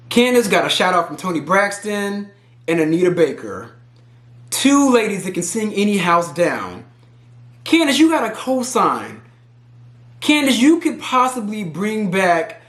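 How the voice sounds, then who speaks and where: A man from Houston giving animated, opinionated reality TV commentary, talking straight to the viewer in a casual vlog. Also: high voice, echoey room. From Houston, Texas. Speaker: pop culture vlogger.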